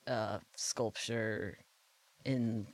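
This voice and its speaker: A woman's voice: rumbling low, steady tone, extremely slow. A woman co-hosting a podcast in casual chat, laughing often and packing her talk with filler words and swearing. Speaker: podcast co-host.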